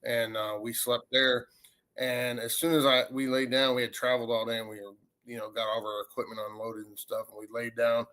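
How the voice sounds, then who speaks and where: A man, a paranormal investigator telling a ghost story in a rambling, animated way. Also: mid-range voice, brisk. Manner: rambling, animated retelling with acted quotes. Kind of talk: casual storytelling.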